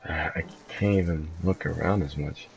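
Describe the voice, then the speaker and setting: A man doing let's play commentary, jumpy and profane, joking at himself and shrieking high whenever something startles him. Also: steady tone, moderate pace, creaky. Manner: profane, joking, self-mocking. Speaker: gaming channel host.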